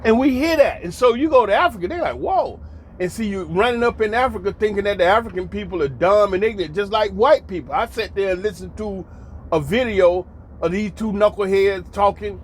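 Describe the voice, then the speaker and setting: An American man hosting a monologue commentary, emphatic and preachy, repeating lines for effect with mocking asides. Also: high-pitched. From United States. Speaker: commentary host.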